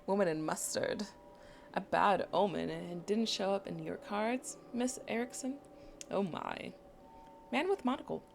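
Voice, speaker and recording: A woman playing a story game, reading its dialogue aloud and adding quick comments of her own. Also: medium pitch, animated, creaky, a little hiss or hum. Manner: reads dialogue aloud between quick asides. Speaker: game streamer.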